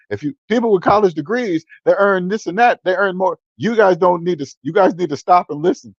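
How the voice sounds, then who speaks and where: The man, in his fifties, hosts a personal finance channel in a casual livestream-style monologue. His high, creaky voice moves a little fast with few pauses as he preaches bluntly and repeats words for emphasis. The sound is lo-fi, without room sound.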